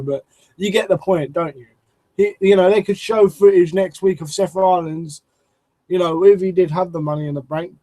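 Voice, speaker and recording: Poor, dry audio carries a man's high-pitched voice. He rambles casually and profanely about a wrestling show, full of fillers and constant sentence restarts.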